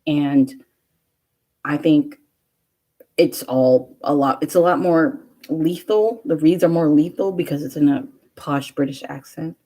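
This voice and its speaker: A woman's voice: low voice, measured pace, warm tone, low-quality recording. A young woman telling a rambling story in a casual vlog, with lots of fillers. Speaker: vlogger. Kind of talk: casual chat.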